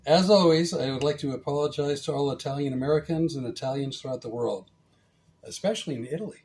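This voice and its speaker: A man's voice: medium pitch, quick pace, a little mellow, slight background noise. A man hosting a casual cooking demonstration in a home kitchen, joking as he talks through each step. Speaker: cooking show host.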